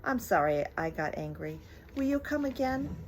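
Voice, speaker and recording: A woman voicing a flustered young mother in a storybook, speaking high and loud in exclamations. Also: big pitch swings, normal speed, slight background noise. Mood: softened.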